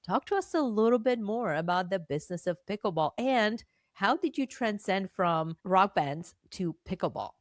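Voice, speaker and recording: A woman's voice: medium pitch, lively intonation, moderate pace, few pauses, no echo, clean studio sound. A woman hosting a business podcast, enthusiastic and asking long, multi-part questions. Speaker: podcast host. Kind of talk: interview hosting.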